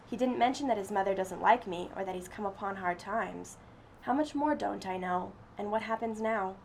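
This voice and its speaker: A woman reading a first-person story aloud in a steady, earnest way. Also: mid-range voice, a little hiss or hum. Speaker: story reader.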